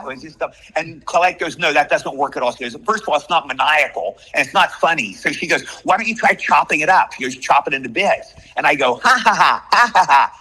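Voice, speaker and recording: An older man chats as an interview guest and rattles off stories with excitable energy. He talks fast in a voice that sits a bit high. The tone is bright and sharp. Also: breathy edge, poor audio. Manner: chatty storyteller, quick and excitable. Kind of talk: casual interview chat.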